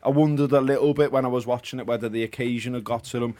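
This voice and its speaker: A man's voice: mid-range voice, fairly even intonation, rapid-fire, darkish tone. A man, a football podcast co-host reviewing a match in chatty, reflective casual talk. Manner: chatty, reflective, easily amused.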